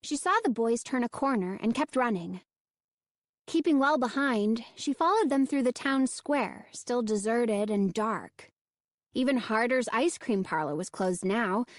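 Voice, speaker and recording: Slow, measured woman narrator. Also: on the high side, lively intonation, no room sound, studio quality. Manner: measured storytelling. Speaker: audiobook narrator. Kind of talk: scripted narration.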